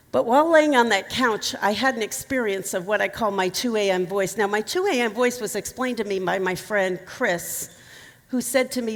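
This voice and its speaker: Woman, middle-aged, gravelly voice, speaking in a conference hall with long reverb, candid storytelling. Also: medium pitch, normal speed. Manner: candid, emotional storytelling with humor. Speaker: keynote speaker. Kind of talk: personal story talk at a conference.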